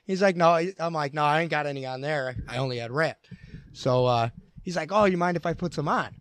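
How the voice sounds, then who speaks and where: A man's voice: on the high side, brisk, a bit bright, no room sound. A man telling a casual story to friends in a laid-back, swearing way. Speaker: contestant.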